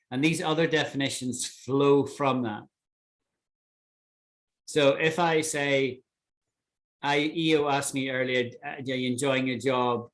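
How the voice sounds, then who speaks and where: A man teaching English vocabulary in an online class, explaining and checking in with students often. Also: mid-range voice. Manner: explains with many "right?" checks.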